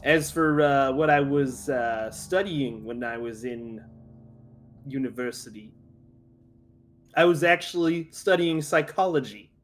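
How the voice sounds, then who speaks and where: A man's voice: medium pitch, a little slow, soft background music, close to an everyday voice. A man putting on a brash New York boxer. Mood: boastful. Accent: put-on New York Italian. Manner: brash, boastful, laughing a lot. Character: cocky young male New York boxer. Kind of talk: tabletop role-play character voice.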